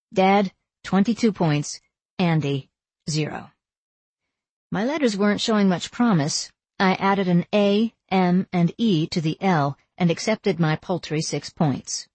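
A woman reading a first-person novel aloud in a wry, measured way. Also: on the low side, darkish tone, husky, no room sound. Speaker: audiobook narrator.

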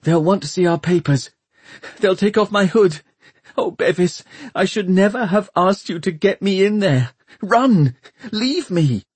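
A man reading an audiobook and voicing a frightened young woman on the run, pleading breathlessly in a raised, husky voice. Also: very high voice, fairly quick, few pauses, warm tone, no room sound, voice pushed up, heavily acted.

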